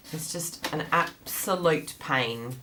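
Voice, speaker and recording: A woman with a low voice chats casually to her livestream audience as host of a craft class. She rambles and laughs often, and her voice sounds groggy from the morning. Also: sharp tone, a little hiss or hum.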